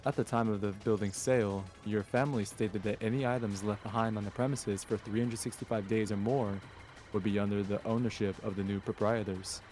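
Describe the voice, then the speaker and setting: A man voicing a measured lawyer who explains things calmly. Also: fairly low pitch, faint music behind, lightly acted. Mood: explaining. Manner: calm, explanatory.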